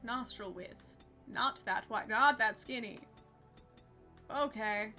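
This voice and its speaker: A woman's voice: on the high side, slow, pushed and bright, faint music behind. A young woman streaming a game, chatting casually with her viewers and laughing often. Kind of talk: casual live-stream chat.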